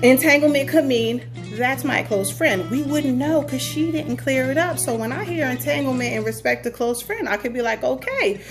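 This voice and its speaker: A woman's voice: high-pitched, lively intonation, normal speed, few pauses, over music. A woman hosting her own show, chatting in a sassy, playful way and talking straight to her listeners. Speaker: podcast host. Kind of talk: casual commentary.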